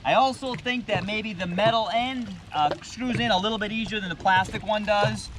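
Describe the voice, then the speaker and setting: High-voiced man reviewing gear outdoors. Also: fairly even intonation, moderate pace, a crowd in the background. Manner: plainspoken, easygoing, with frequent uhs. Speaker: channel host reviewing gear. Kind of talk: casual product review. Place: outdoors in shallow water by a boat.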